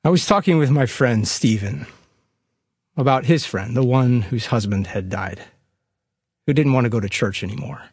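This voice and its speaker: A man preaching, retelling a story slowly and expressively. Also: mid-range voice, a little mellow, husky, dry recording, studio quality. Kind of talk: storytelling sermon.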